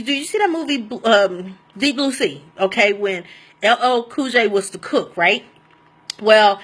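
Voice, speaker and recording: Bright-voiced woman telling a wild story. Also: a little high. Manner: animated and rambling, often breaking into laughter. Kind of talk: casual personal storytelling.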